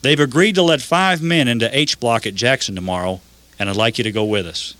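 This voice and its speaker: A man's voice: medium pitch, a little fast, a bit bright, no echo, lightly acted. A man voicing a friendly prison ministry director who talks persuasively.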